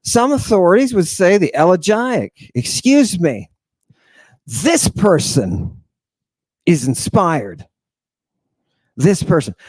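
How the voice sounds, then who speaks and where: A man's voice: on the high side, darkish tone, no room sound. A man hosting and giving a theatrical lecture to his audience. He stresses and repeats key words and keeps firing rhetorical questions. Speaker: lecturer and host.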